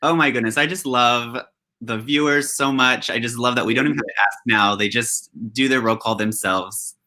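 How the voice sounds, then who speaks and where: A man's voice: mid-range voice, moderate pace, pushed and bright. A man co-hosting a livestream talk show over a video call, bantering in a campy, affectionate way. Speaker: co-host. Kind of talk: casual chat.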